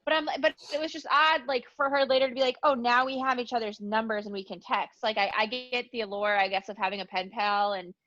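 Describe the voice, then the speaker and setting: A woman's voice: a little high, steady tone, fast talker, few pauses, pushed and bright. Hesitant woman co-host, dull sound. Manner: hesitant, full of restarts, puzzled. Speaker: podcast co-host. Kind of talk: casual podcast chat.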